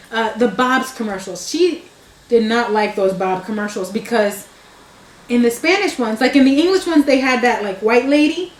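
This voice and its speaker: A woman's voice: fairly high pitch, reverberant. A woman casually telling a family story, meandering and restarting her sentences, with an amused tone. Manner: meandering, self-interrupting, amused.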